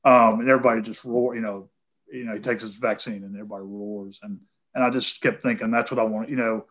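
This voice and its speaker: A man's voice: on the low side, steady tone, fast, fairly bright tone. Man, Tennessee accent, hesitant speech, many fillers, answering callers, casual call-in talk. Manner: hesitant, full of "um" and "you know". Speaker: guest answering callers' questions.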